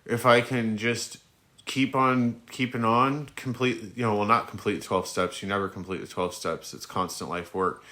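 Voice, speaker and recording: Man in his 30s, phone livestream host, casual rambling, laughing, bright forceful voice. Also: fairly low pitch, fairly even intonation, moderate pace. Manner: chatty, laughs often, lots of fillers. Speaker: livestream host answering questions.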